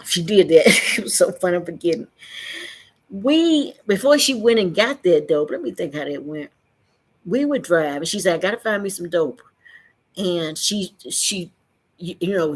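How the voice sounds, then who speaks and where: A middle-aged woman, telling a personal story in a lively way and acting out the voices of the people in it. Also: lowish voice, breathy edge. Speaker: vlogger.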